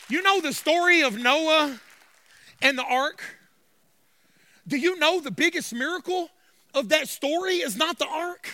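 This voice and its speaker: A man's voice: very high-pitched, expressive, a little slow, pauses often, bright, forceful tone, a faint crowd. A man preaching a sermon as pastor, emphatic, calling out for amens from the congregation. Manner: emphatic, call-and-response.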